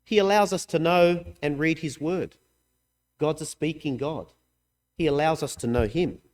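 A man preaching a sermon, earnest and emphatic, swinging between raised, urgent lines and quiet, low asides. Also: unhurried. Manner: earnest, emphatic, with sudden swings in pitch and loudness. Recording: hall reverb.

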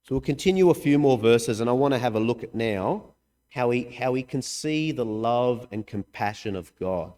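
A man delivers a sermon with earnest emphasis, rising and falling sharply in pitch and volume. His voice sits at an ordinary middle pitch for a man. The sound carries a long hall reverb, like a church interior. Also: lively intonation, normal speed. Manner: earnest, emphatic, with sudden swings in pitch and loudness. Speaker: preacher.

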